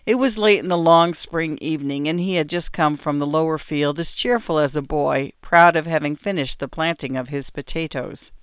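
A woman, a volunteer reader, narrating a short story in a measured, even storytelling manner. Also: low voice, clear, resonant tone, dry recording, studio quality.

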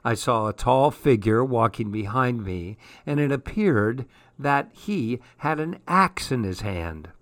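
A man reading a spooky children's story in a slow, measured, steady way. His voice sits at an everyday pitch, and the sound is close and dry, with no room behind it. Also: no room sound. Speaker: story reader.

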